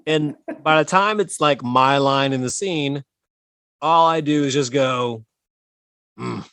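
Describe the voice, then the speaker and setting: Animated, swearing man telling stories. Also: on the high side, a little slow, clear, resonant tone, no echo. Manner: animated storyteller, swears freely. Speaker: podcast co-host. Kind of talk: casual comedic chat.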